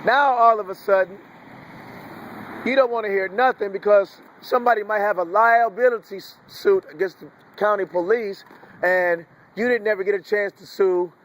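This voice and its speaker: High pitched guy ranting on and on, preachy and cussing a lot. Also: moderate pace, fairly bright tone. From United States. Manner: preachy, wandering, profane. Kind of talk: rambling monologue.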